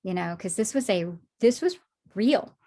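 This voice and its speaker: Woman, personal testimony, conversational storytelling, lively retelling, hushed reflective passages. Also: moderate pace. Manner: animated storytelling, acts out her own past words; drops soft and low on reflective parts. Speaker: guest sharing her faith story.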